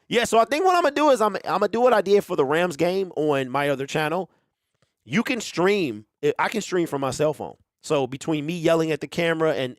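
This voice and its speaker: An excitable man hosting a casual sports talk stream with a slightly high voice. He talks in animated bursts and keeps repeating himself. The sound is dry and close, with no room echo. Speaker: sports show host.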